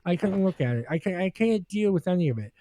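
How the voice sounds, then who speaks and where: A man telling a story in casual podcast chat, halting and full of restarts and fillers, and animated when he acts out quotes. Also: sits high, slight background noise. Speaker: regular co-host telling a story.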